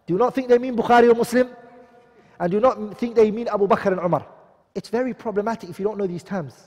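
A man's voice: high-pitched, quick pace, a little mellow. A man giving a classroom lecture who asks his students questions, answers them himself and repeats each key term. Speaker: teacher. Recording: long hall reverb.

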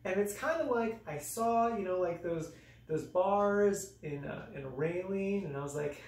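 A man's voice: high-pitched, expressive, measured pace, darkish tone, slight background noise. A young man casually reviewing movies in a self-mocking, exaggerated way, with sudden dramatic swings in his voice. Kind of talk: casual comedic review monologue. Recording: echoey room, voice a bit off-mic.

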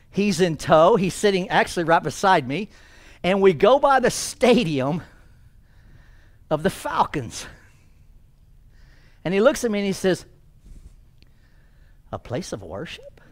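Man, pastor, high voice, sermon, loud emphasis then near-whispers.

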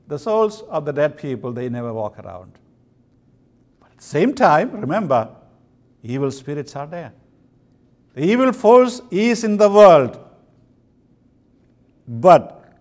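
A man from India giving a slow, emphatic sermon with pauses at a convention. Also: a little high. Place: convention hall.

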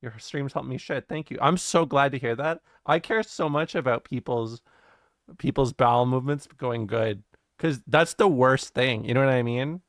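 A man's voice: mid-range voice, moderate pace, no room sound, studio quality. A young adult man streaming casually, reading his chat aloud and answering it in a rambling, jokey way, often swearing and laughing.

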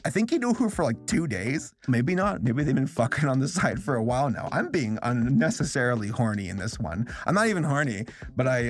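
Joking American man reviewing animation. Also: medium pitch. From United States. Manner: loose, joking, rambling with fillers. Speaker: online film reviewer. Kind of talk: casual video commentary.

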